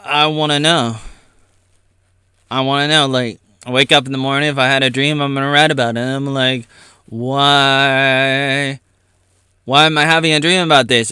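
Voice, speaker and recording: A man's voice: medium pitch, bright, forceful tone, clear, resonant tone, dry recording, studio quality. A young man ranting on his own channel, rambling and breaking off into tangents. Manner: rambling, self-interrupting, goes off on tangents. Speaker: YouTuber. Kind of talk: rambling solo rant.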